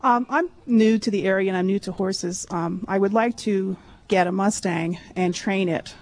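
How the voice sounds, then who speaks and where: A woman's voice: medium pitch, moderate pace, a little mellow. A woman in the audience asking a question in a hesitant, tentative way. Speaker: audience member.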